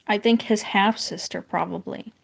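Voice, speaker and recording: Her voice is mid-range and creaky, moving at a normal speed. She's a casual streamer in her 30s from the northern US, drawing on stream, reading viewer chat aloud, rambling and frequently restarting.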